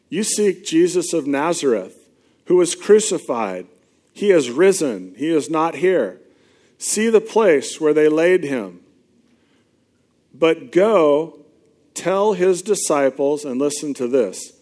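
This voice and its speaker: A man's voice: fairly high pitch, a little mellow. A man preaching a sermon, retelling scripture in a conversational storytelling way with emphatic repetition. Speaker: pastor.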